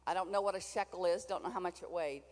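A woman's voice: lowish voice, quick pace, in a large hall. An older woman preaching a sermon in a chatty, folksy way, with asides to the congregation.

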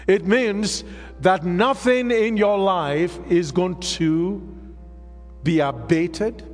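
A high-pitched man preaching slowly, drawing out each phrase and calling the congregation to answer him. His voice rings through a long hall reverb over soft music. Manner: call-and-response preaching, drawn-out emphatic phrases. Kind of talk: sermon.

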